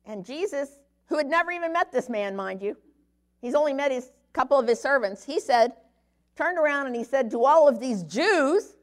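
A woman's voice: high-pitched, lively intonation, normal speed. Woman giving a chatty Bible lesson. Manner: conversational teaching, frequent "okay?" check-ins. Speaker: Bible teacher. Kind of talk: sermon.

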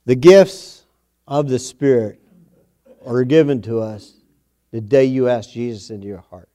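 A man's voice: mid-range voice, unhurried, warm tone. A middle-aged man preaching a sermon, telling a homespun family story with a folksy, repetitive style. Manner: folksy storytelling, repeats phrases for emphasis.

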